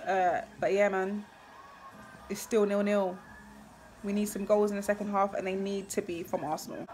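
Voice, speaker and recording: A woman's voice: mid-range voice, flat delivery, normal speed, long pauses, darkish tone, slight background noise. A young woman, a football fan giving a live, emotional match reaction full of exclamations and repeated phrases.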